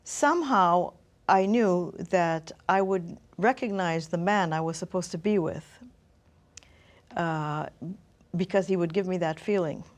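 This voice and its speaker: Thoughtful middle-aged woman, low-toned. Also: measured pace. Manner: thoughtful, searching for words. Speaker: interview guest, author. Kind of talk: reflective personal storytelling.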